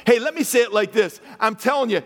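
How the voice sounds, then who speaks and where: A man preaching a sermon as a guest pastor, shifting between loud, emphatic lines and low, intimate asides. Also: expressive, quick pace. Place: church sanctuary. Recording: long hall reverb.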